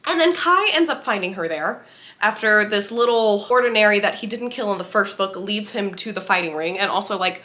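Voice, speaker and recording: A young woman gushing through a spoiler-filled book review. She is animated and quick to laugh, and her bright, higher voice swings widely in pitch as she reacts with exaggerated disbelief. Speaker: book vlogger.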